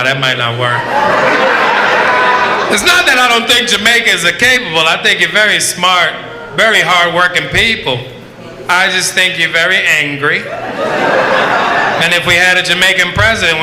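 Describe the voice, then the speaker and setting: A man doing a loud, profane stand-up set in a comedy club, heard over a noisy crowd. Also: sits high, normal speed, pauses often, reverberant. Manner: loud, brash, profane, laughing along.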